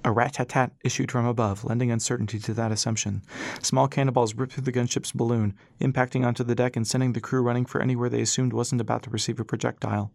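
Guy narrating an audiobook, steady, mid pitch, dry close sound. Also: fast talker, gravelly, no room sound. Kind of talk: scripted narration.

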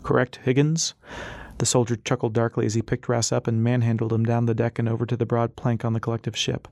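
A man reading an audiobook in steady, measured scripted narration. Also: medium pitch, dry recording, clean studio sound.

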